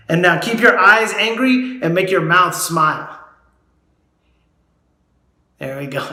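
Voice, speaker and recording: A man teaching young students a drama lesson, leading face, voice and diction warm-ups in an encouraging way and modeling each drill for them to repeat. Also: sits high. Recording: very echoey room.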